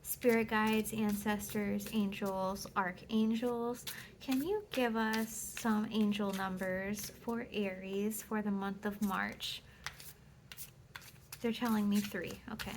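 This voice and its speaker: A woman reads tarot at home in a loose, casual monologue. She is blunt and emphatic and swears freely, and now and then she reads card texts aloud. Her voice sits at a middling pitch. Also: steady tone, takes it slowly, a little hiss or hum. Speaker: tarot reader.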